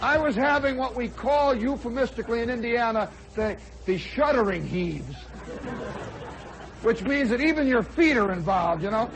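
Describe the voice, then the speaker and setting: A man in his forties, a radio host telling a comic personal story in an animated way, now and then shouting for effect. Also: extremely high pitch, normal speed. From United States. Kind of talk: spoken storytelling monologue. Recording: old radio broadcast with faint crowd and noise.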